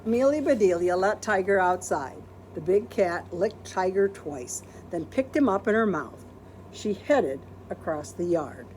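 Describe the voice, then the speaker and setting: A woman librarian reading a children's storybook aloud in a gentle, expressive storytelling manner. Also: lowish voice, measured pace, slight background noise.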